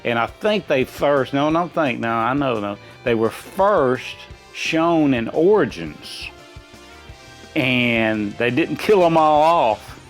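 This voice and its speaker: A middle-aged man rambles through his answers in a folksy, easygoing way, stopping and restarting often. His pitch sits in an ordinary middle range, with soft music playing faintly behind him. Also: lively intonation, takes it slowly. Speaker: quiz contestant. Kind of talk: casual chat.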